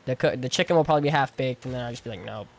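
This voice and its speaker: A man's voice: medium pitch, racing. A tired man in his twenties streaming, chatting casually in a rambling, self-mocking way and laughing often. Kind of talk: casual livestream chat while gaming.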